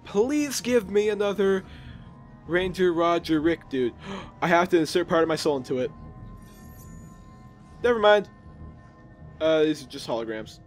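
Animated young man commenting on a game. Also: on the high side, a little slow, pauses often, soft background music. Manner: chatty, jokey, animated reactions to the game. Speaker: gaming video host. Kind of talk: casual let's play commentary.

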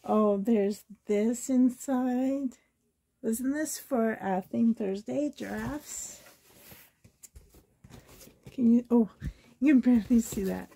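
A hoarse woman from Canada gushing with delight as she unboxes a reborn doll trade for her vlog. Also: a little high, slow, pauses often, warm tone. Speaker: reborn doll collector vlogger.

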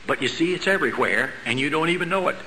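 A man's voice: fairly high pitch, animated, fast, very noisy. A middle-aged man giving a lecture-style sermon, emphatic, hammering key words and dropping rhetorical questions and dry joking asides. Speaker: convention speaker.

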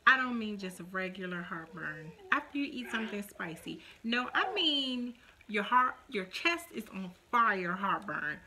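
A young woman talks straight to her viewers in a casual vlog chat, animated and dramatic, often mimicking what others say. Her voice is bright and forceful. A faint hum of noise sits under the recording. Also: medium pitch, a little slow. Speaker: vlogger.

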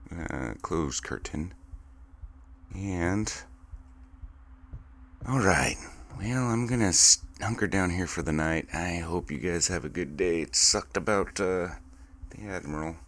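A man's voice: low voice, unhurried, fairly bright tone. A man giving casual running commentary while playing a video game, muttering his moves with filler words. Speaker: gaming video host. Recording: game music playing behind.

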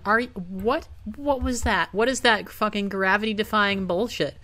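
A woman's voice: medium pitch, moderate pace, sharp tone. Frustrated young woman swearing at a game. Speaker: gaming YouTuber. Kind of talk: casual let's-play commentary.

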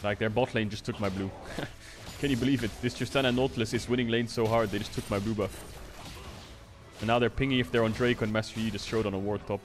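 A man's voice: lowish voice, fairly even intonation, fast talker, music in the background. A young man streaming a video game and commenting live, exasperated with his teammates, swearing and laughing in disbelief.

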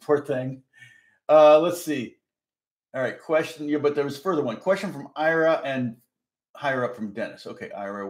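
A man's voice: medium pitch, moderate pace, a little mellow. A man teaching guitar on a live stream, answering viewers' questions in a rambling way that keeps correcting itself. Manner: rambling and self-correcting, chatty. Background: guitar playing.

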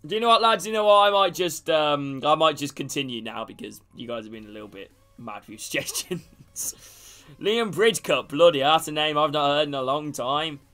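A man's voice: fairly high pitch, fairly quick, pushed and bright, faint music behind. A man casually commentating a game stream, chatting with viewers and calling them by name. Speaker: gaming streamer.

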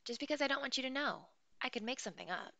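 A woman's voice: high-pitched, lively intonation, quick pace, sharp tone, no room sound, lo-fi sound, pitched above the performer's own voice, full character voice. A woman reading the lines of a weak, wary runaway teenage boy, speaking hesitantly in a slightly raised voice.

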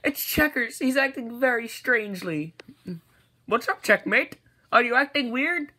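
A helpful male bird neighbor, voiced by a woman, who rushes over sounding concerned and keen to help. His voice is husky. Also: fairly high pitch, lively intonation, sharp tone, exaggerated voice.

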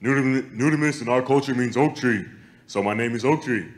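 A man's voice: medium pitch, brisk, very noisy. A man introducing himself as a singer to an audience, proud and upbeat. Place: TV studio before a live audience.

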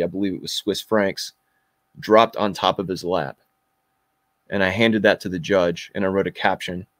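Podcast guest: man in his 40s, low voice, dry close sound, blunt and intense storytelling. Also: no echo. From Kentucky. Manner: blunt and intense, with frequent fillers. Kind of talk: personal storytelling.

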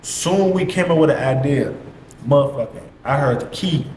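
Young man, storytime vlog, slangy and profane, fairly high voice, echoey room, faint hiss. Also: normal speed. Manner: slangy, profane, animated retelling with repeated catchphrases. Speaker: vlogger. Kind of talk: casual storytime monologue.

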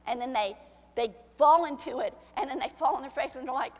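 A woman pastor preaching a sermon, swinging from soft, confiding lines to shouted ones and acting out the voices she quotes. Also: sits high, fairly quick. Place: church sanctuary. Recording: church hall with long reverb.

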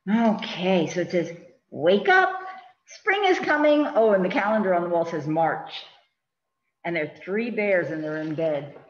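A woman's voice: fairly low pitch, moderate pace, darkish tone. A woman, a children's librarian, reading picture books aloud to kids and chatting as she handles the pages. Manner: chatty, sing-song, fussing with the book on camera. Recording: roomy, dull lo-fi with faint hiss.

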